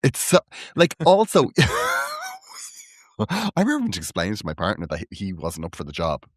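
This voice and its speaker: A man's voice: sits low, huge pitch swings, moderate pace, no echo, clean studio sound. A man co-hosting a comedy podcast, chatting animatedly, joking and laughing often. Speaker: podcast co-host. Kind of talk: casual comedy chat.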